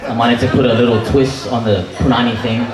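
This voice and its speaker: A man's voice: mid-range voice, a little fast, a crowd in the background. A man with a Hawaiian accent telling a stand-up story on a comedy club stage, acting out the dialogue in it. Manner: animated, acts out dialogue with shouts. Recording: roomy live room, distant mic.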